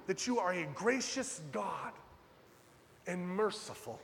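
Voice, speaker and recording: A man preaching a sermon as pastor, dramatic, swinging from loud urgent pleas to hushed low lines. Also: normal speed, vocal fry, big-room sound.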